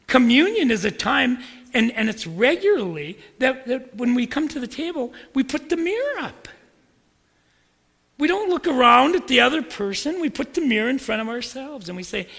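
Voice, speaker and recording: Man preaching, bright sharp gravelly tone, echoes long like a big church hall. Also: very high-pitched, big pitch swings, moderate pace. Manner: emphatic, repeating words and building to forceful peaks. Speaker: pastor. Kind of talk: sermon.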